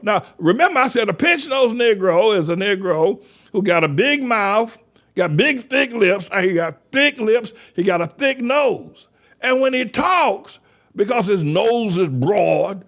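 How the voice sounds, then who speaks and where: A man, a church pastor, giving animated sermon-style commentary with a stammering, repetitive delivery and loud outbursts. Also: sits high, vocal fry.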